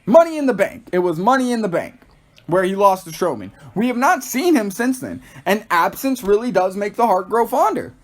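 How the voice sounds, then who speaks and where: A young man from Texas hosting a solo podcast review, excitable and rambling, peppering his talk with "like.". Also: high voice, normal speed. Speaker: podcast host.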